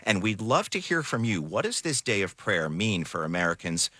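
Low, bright-voiced male radio host. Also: very animated, husky, dry recording, clean studio sound. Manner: earnest, questioning, some halting restarts. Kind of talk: studio news discussion. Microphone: studio microphone.

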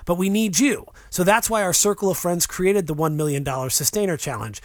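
Man host, earnest pledge appeal, slightly high voice, dry studio. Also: brisk, dry recording. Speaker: radio host. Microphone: studio mic.

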